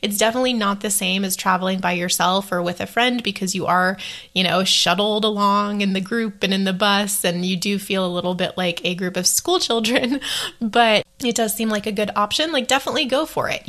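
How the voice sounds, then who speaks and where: A woman's voice: mid-range voice, a bit bright. A young woman talking through travel tips in a casual vlog, chatty and laughing often, with self-deprecating asides. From United States. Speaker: travel vlogger.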